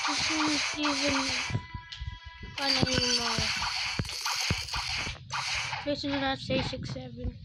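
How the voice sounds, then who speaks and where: High-voiced woman gaming over loud music. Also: fairly even intonation, takes it slowly, long pauses, poor audio. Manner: frustrated, pleading, exclamatory. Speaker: gaming channel host. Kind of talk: casual gameplay commentary. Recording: loud game music behind voice.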